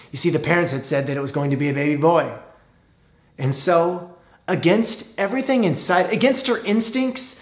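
A man's voice: fairly high pitch, roomy sound. A man telling a heartfelt story as a pastor giving a sermon, sometimes voicing the people in it.

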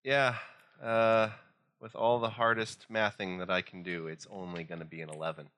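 A man's voice: fairly low pitch, level tone, normal speed, fairly bright tone. A man playing a tabletop game, chatty and self-mocking about his dice rolls. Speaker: player. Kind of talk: casual tabletop game chat.

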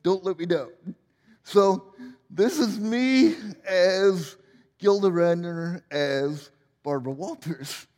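A man's voice: high-pitched, slow pace, a little mellow, long reverb tail. A man in his forties preaching a sermon as pastor, playful and joking at his own expense. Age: 40s. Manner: playful, self-deprecating humor.

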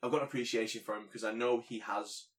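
A man's voice: fairly low pitch, fairly even intonation, a bit bright. A man co-hosting a podcast, chatting casually with jokes and rambling asides. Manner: joking, rambling, quick asides. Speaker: podcast co-host. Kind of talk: casual chat.

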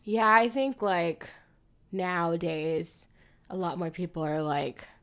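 A woman's voice: fairly low pitch, slow pace, a bit bright, clean tone. A young woman co-hosting a casual film podcast, rambling with lots of fillers and frequent laughter. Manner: rambling, many fillers and restarts, laughs often. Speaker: podcast co-host.

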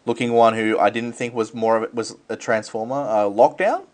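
A man's voice: medium pitch, brisk. A man, co-hosting a podcast, chatting casually and interjecting. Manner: chatty, laughs along, interjects. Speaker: podcast co-host. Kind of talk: casual film review chat.

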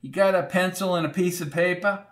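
A chatty, folksy older woman at a motel desk, as a man puts her on, her voice pitched well above his own. She rambles easily and drawls her directions. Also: a little fast, a bit bright.

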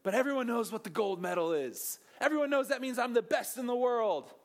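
A young man giving an energetic, joking sermon as a pastor, asking the audience questions. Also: very high-pitched, brisk. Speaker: youth pastor.

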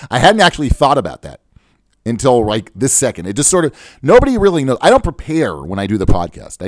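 A man's voice: medium pitch, no echo, studio quality. A man hosting a podcast, talking off the cuff in a sarcastic, self-mocking way about money. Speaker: podcast host. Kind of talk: unscripted podcast monologue.

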